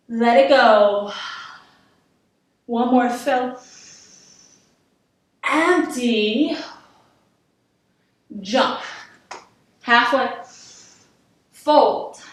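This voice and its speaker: A woman's voice: a little high, recorded from a distance. A woman yoga instructor guiding a workout class, encouraging and counting down reps. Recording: echoey room, voice from off-mic.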